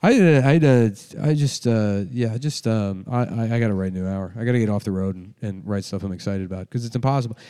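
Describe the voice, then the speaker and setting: Halting, mellow-voiced man. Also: fairly low pitch, clear, resonant tone. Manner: hesitant, halting, self-deprecating. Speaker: comedy podcast co-host, joke writer. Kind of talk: casual comedic banter.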